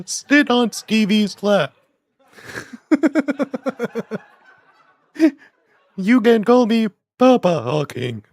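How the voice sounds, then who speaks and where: A man putting on a creepy old man who speaks through a crude robotic speech voice. He crawls along at a very slow, mechanical pace, pitched high. The sound is dry and close, with no room around it. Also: dry recording, full character voice. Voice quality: flat synthesized-sounding robotic delivery. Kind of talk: comedic impression on a stream.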